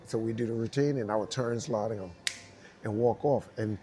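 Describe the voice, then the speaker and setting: A male dancer telling an animated, laughing anecdote, acting out the people he quotes. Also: mid-range voice, brisk. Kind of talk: animated storytelling.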